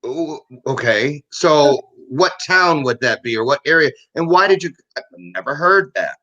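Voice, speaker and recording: A man's voice: fairly high pitch, lively intonation, a little slow, sharp tone, dull audio. A man hosting a talk show interview in a playful, joking manner. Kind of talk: interview conversation.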